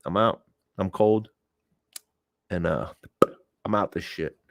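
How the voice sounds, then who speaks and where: A man from Oklahoma with a lowish voice, telling stories to his audience in a loose and cheerfully profane way. His voice jumps high whenever he acts out what people said, and the sound is dry and close. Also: slow pace, vocal fry, dry recording. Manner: animated, profane, acts out quoted voices with big pitch jumps. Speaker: podcast host. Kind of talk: casual storytelling to a live audience.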